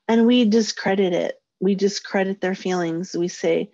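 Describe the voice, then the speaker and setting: A woman talks parents through a lesson, now and then popping into little acted lines of a parent or child. Her voice is husky and slightly breathy. The recording is close and dry with a dull, lo-fi sound. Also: medium pitch, moderate pace, hardly any pauses, a little mellow, no room sound. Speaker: parenting educator. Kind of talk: informal parenting workshop talk.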